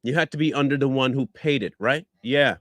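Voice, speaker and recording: A man's voice: medium pitch, brisk, fairly bright tone, no echo. A man giving combative reaction commentary, blunt and scornful, firing rhetorical questions and repeating himself for emphasis. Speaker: online commentator.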